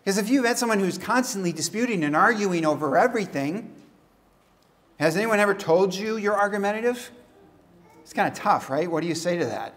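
A man as pastor, preaching a casual, conversational sermon with chatty asides and quick laughs. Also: high-pitched, fairly bright tone.

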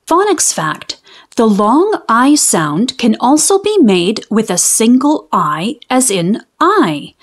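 A woman reading a children's book aloud and explaining phonics in a clear, teacherly way. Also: a little high, sing-song, slow. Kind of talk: read-aloud storytime with phonics lessons.

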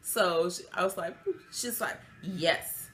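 A woman's voice: low-pitched, a little slow, a little hiss or hum. A woman, retelling a hospital story in a casual, emotional way with many fillers. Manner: emotional, animated retelling with acted quotes; loose, chatty, many fillers. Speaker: vlogger.

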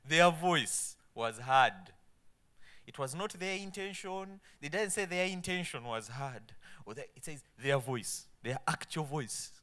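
A man preaching a sermon, quoting scripture emphatically and dropping to soft asides. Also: on the high side, animated, a little slow. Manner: emphatic, swinging between loud proclamation and soft asides.

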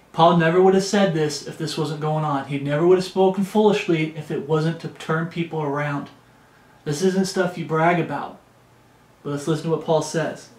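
A male pastor preaching a sermon and reading scripture aloud, talking emphatically and slowing down to stress key phrases. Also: fairly high pitch, darkish tone. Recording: echoey room.

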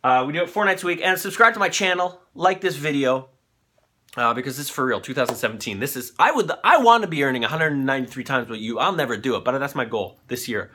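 A man's voice: medium pitch, expressive, quick pace, bright, forceful tone. A man in his thirties hosting a comedic news commentary show, ranting with profanity while on cold medication. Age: 30s. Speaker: host.

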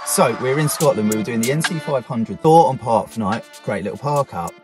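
A man's voice: mid-range voice, lively intonation, fairly quick, music in the background. A man vlogging about vanlife, a chatty, self-deprecating storyteller. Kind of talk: casual storytelling chat.

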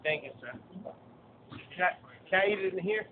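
Ranting man, high voice, tinny phone audio. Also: moderate pace, heavy background noise. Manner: swears a lot, ranting. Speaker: vlogger. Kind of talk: angry street vlog. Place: outdoors and in a fast-food restaurant.

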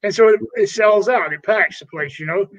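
Older guy, high voice, swears a lot, rambling war stories, kinda dull muffled audio. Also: fairly quick, a bit bright. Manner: rambling, profane, calls people brother. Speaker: retired pro wrestler, interview guest. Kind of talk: casual storytelling interview.

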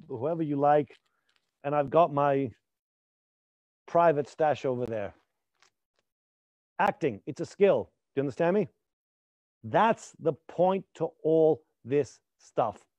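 A man teaching a live acting class, emphatic and repetitive, sometimes dropping to a hushed voice to demonstrate. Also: fairly high pitch, dry recording, muffled recording. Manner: emphatic, repeats points, drops to near whispers to demonstrate.

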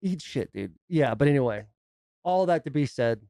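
Man, thirties, podcast co-host, joking profane banter, warm voice, dry recording. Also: medium pitch, lively intonation, moderate pace, vocal fry, no echo. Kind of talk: casual podcast chat.

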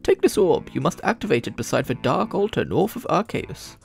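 A man's voice: a little high, big pitch swings, brisk, vocal fry, voice pushed up, heavily acted. Veos, a man doing a theatrical go-between. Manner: grand and theatrical, rhyming flourishes.

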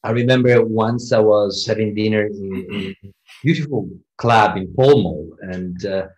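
Low-voiced man telling relaxed anecdotes. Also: a little slow, rough recording. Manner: anecdotal, reflective, self-deprecating. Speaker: interviewee. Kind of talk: casual interview conversation.

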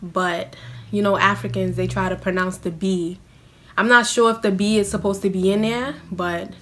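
A woman's voice: medium pitch, fairly even intonation, moderate pace, fairly bright tone, slight background noise. A young woman, chatting in a casual question-and-answer vlog. She is self-mocking and scatters "like" through her talk. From New York City. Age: young adult. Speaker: vlogger.

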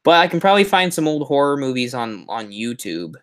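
A man's voice: mid-range voice, very animated, brisk, fairly bright tone. A man hosting a casual live stream, rambling and chatty, with self-mocking asides as he fumbles through his setup. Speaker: host of a Halloween prop channel live stream.

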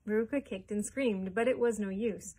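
Husky-voiced woman reading a storybook aloud. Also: medium pitch, normal speed, low-quality recording. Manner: expressive, animated storytelling. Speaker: children's librarian. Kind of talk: reading a chapter book aloud.

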